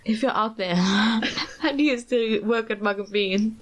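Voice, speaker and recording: A woman's voice: a little high, measured pace, fairly bright tone. A South African woman co-hosting a podcast, telling a true-crime story in a chatty way and laughing often as she goes. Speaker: podcast co-host.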